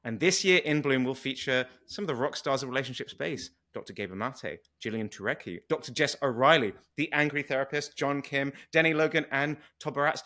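A man's voice: mid-range voice, pushed and bright. A man with a British accent hosting a podcast interview, chatting in a friendly, enthusiastic way. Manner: friendly, enthusiastic, loose with small restarts. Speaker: podcast host. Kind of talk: casual interview chat.

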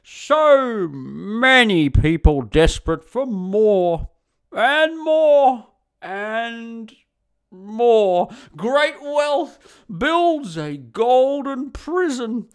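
A man voicing a rambling, preachy online commenter in an exaggerated Australian accent, reading slowly with mock solemnity. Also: very high-pitched, sing-song, clean tone, pitched above the performer's own voice, heavily acted. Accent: exaggerated put-on Australian. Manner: slow, sing-song, mock-solemn reading.

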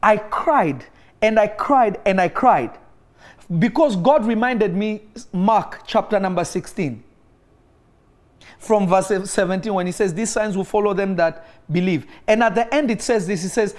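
A man's voice: sits high, unhurried. A man preaching a sermon to an online audience. He tells a healing story and exhorts his listeners with emphatic, repeated phrases, at times breaking into praying in tongues.

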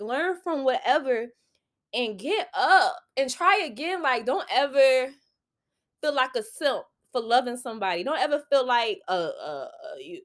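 A woman's voice: fairly high pitch, a bit bright. A young woman, hosting a solo podcast and giving candid, preachy advice full of "like" fillers. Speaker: podcast host.

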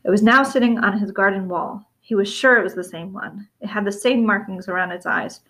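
A woman reading a novel aloud in steady storytelling, with small slips and restarts. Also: mid-range voice, a little fast. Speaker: reader.

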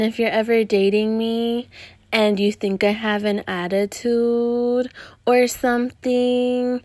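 A young adult woman podcaster, ranting casually and profanely about dating, with lots of swearing and animated jumps in tone. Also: mid-range voice, dry recording.

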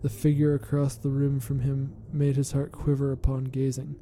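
Man narrating a horror story, flat delivery. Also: moderate pace. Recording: rumbling background noise.

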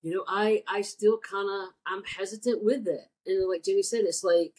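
Husky-voiced woman co-host, mid pitch, hesitant, filler-heavy, reassuring. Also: fairly even intonation, normal speed, darkish tone, rough recording. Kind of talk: casual chat.

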